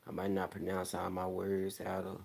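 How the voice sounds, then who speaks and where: A young man with a Southern country accent talks in a casual, rambling chat. His voice sits very low with a gravelly fry, and he slurs his words a little as he laughs his way through. The delivery stays loose and easygoing throughout. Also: monotone, moderate pace, darkish tone. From American South.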